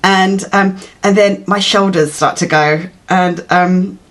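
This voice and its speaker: A middle-aged woman at a medium pitch, speaking with an or lilt. She hosts a relaxed chat and tells stories in a chatty, warm-hearted way, laughing easily along the way. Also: slow pace. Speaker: show host. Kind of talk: casual interview chat.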